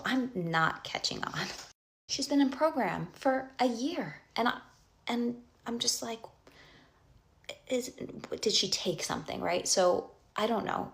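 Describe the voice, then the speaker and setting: A woman's voice: lowish voice, vocal fry. A young woman telling a personal story in casual storytime style, rambling with lots of fillers and restarts, and often dropping to a whisper for asides.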